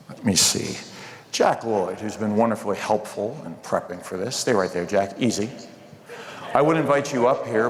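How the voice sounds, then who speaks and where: A man performing live stand-up comedy with playful crowd work at a hotel event. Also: on the low side. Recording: reverberant hall with crowd noise.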